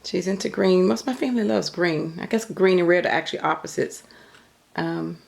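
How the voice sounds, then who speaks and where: In this home craft vlog, a middle-aged woman behind the camera shows off her creations, rambling with many fillers and sounding a little out of breath. Her lowish voice is fairly quick, a bit mellow, and has vocal fry.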